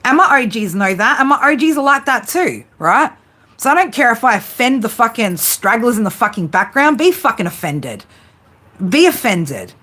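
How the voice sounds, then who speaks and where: A woman's voice: on the high side, sing-song, normal speed, sharp tone. Blunt, foul-mouthed woman ranting. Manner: blunt, heavy swearing, heated and defiant. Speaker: tarot reader livestream host. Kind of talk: live-stream rant to viewers.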